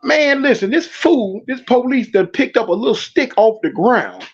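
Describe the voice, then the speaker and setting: A man's voice: sing-song, normal speed, husky. A man telling a story in casual street slang, acting out the other people's voices as he goes. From Southern California. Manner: street slang, acts out voices of others with big pitch jumps. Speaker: storyteller guest. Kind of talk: animated storytelling. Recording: dull lo-fi sound.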